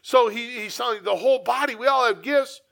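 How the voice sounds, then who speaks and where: A male pastor preaching with a high, bright voice. He talks in an earnest, conversational way, dropping asides to his listeners. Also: fairly quick, creaky. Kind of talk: sermon.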